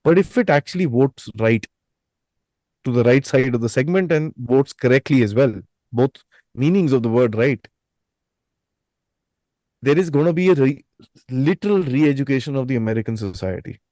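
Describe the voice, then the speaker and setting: A man's voice: medium pitch, lively intonation, normal speed, pauses often, warm tone, dry recording, low-quality recording. A man, a guest giving opinions emphatically with rhetorical questions. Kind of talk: opinionated talk.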